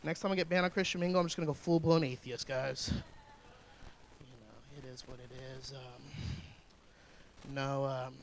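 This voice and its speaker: A man's voice: mid-range voice, fairly even intonation, unhurried, vocal fry, long pauses, a crowd in the background, poor audio. A young man from Indiana doing rambling, crude, self-deprecating stand-up comedy.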